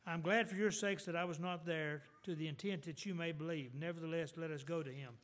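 Male preacher in church, somewhat high-pitched, folksy and conversational, retells scripture in plain words. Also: fairly even intonation, brisk, fairly bright tone. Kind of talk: sermon.

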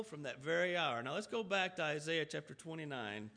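A man's voice: on the high side, animated, a little fast, vocal fry, bright, forceful tone. A man preaching a sermon, reading scripture aloud and explaining it earnestly, with runs of rhetorical questions. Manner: reads scripture aloud and then explains it in plain talk.

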